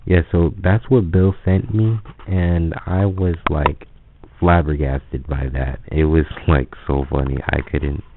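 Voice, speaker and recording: A very deep, gravelly man. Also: fairly even intonation, slow, slight background noise. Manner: rambling, hesitant, many restarts. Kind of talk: casual storytelling. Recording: phone-like lo-fi audio.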